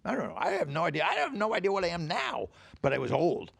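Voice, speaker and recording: Gravelly older man spinning stories. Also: a little high, very animated, fast, no room sound. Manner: rambling anecdotes with acted-out dialogue. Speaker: podcast guest. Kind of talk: casual storytelling chat. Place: podcast studio.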